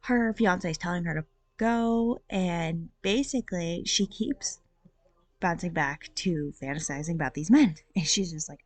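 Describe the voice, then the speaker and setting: A woman's voice: lowish voice, measured pace, no echo. A woman hosting a casual book review, chatty and rambling with lots of ums and likes. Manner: chatty, rambling, with many fillers.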